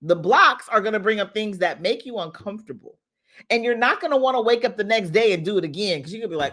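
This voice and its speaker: Woman w/ doing a casual motivational live, pitch all over the place. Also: quick pace. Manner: lively, talks straight to viewers, acts out her own body parts in voices. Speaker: life coach hosting an Instagram live.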